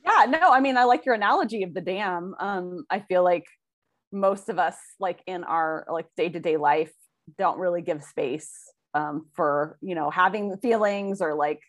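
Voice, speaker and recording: A woman co-hosting a podcast, reflective and soft-spoken, with many fillers. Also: on the low side, moderate pace, dry recording. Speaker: podcast co-host. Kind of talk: casual podcast chat.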